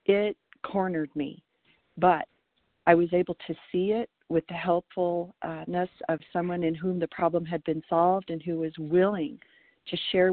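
A woman's voice: on the low side, no echo. A woman earnestly sharing her recovery story at a meeting, reflective and repeating words for emphasis. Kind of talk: personal recovery share. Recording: phone line.

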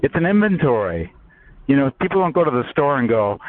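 A man's voice: medium pitch, big pitch swings, brisk, no room sound. A man sharing at a recovery meeting from his parked car, rambling and self-deprecating. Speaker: meeting share. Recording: phone line, dry.

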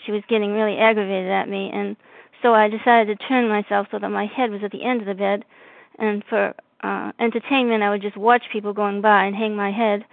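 A woman from north of Boston shares her story over a video call, stopping and restarting with plenty of fillers. Her voice has a gravelly edge. The audio is thin and phone-like, with no room sound. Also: medium pitch, flat delivery, no echo. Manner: halting, frequent fillers and restarts. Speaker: meeting member sharing. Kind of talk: personal recovery share.

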